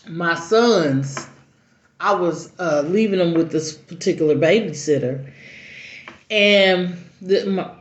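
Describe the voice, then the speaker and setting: A middle-aged mother telling a personal story in an earnest, halting way with many restarts. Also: fairly low pitch. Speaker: mother sharing advice. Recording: roomy, dull lo-fi recording.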